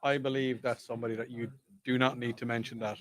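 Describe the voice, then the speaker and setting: A man co-hosting a casual podcast, playful and quick to argue back. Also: mid-range voice, level tone. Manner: playful and defensive. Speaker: podcast co-host. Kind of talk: casual chat.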